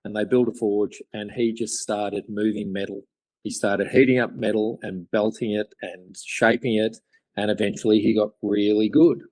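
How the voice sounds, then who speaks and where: A man's voice: fairly low pitch, little pitch movement, moderate pace, darkish tone, no room sound, rough recording. An Australian man, a craftsman guest on a podcast, telling stories in an enthusiastic, rambling way. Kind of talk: casual interview chat.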